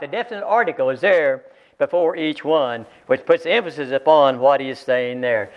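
High-voiced man preaching emphatically. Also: animated, fairly quick. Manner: emphatic, repeats key phrases for weight. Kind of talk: sermon. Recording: dull lo-fi sermon recording.

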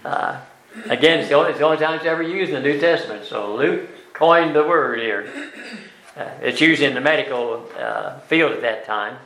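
An older man leading a Bible study class, explaining verses word by word in a plain, folksy way with many pauses and fillers. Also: fairly high pitch, fairly bright tone. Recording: echoey room.

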